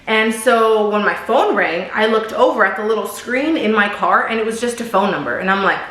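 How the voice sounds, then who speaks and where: A woman's voice: mid-range voice, expressive, normal speed, a bit bright. A young woman vlogger telling a dating story in a casual, slangy way, talking straight to her viewers. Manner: chatty, slangy, addresses viewers as y'all. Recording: roomy echo.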